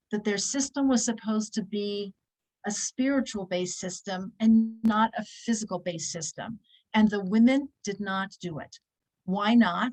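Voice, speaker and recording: Woman giving a chatty torah class, mid-pitched voice, repeats stuff for emphasis, does little voices. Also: rough recording. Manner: animated, acts out little quoted voices; repeats key phrases for emphasis. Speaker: teacher of a weekly women's Torah class. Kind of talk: conversational religious lesson.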